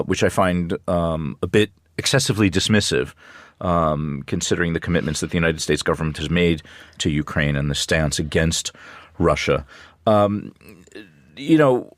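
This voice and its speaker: A man speaking as a news commentator in a radio studio discussion, measured with a dry wit and frequent ums. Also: deep voice, no room sound. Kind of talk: radio current-affairs discussion.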